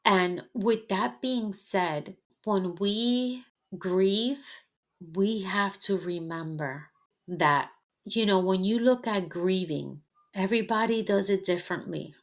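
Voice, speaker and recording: A woman hosting a podcast, speaking in a personal, reflective monologue that is candid, heartfelt, halting and unhurried. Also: mid-range voice. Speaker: podcast host.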